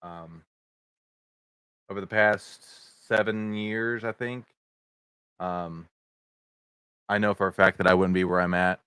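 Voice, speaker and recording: A man's voice: low voice, fairly even intonation, slow, pauses often, fairly bright tone, clear, resonant tone, no room sound. A middle-aged man hosting a casual livestream podcast over video chat, rambling with many fillers and greeting viewers in the chat. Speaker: podcast host. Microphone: video chat setup.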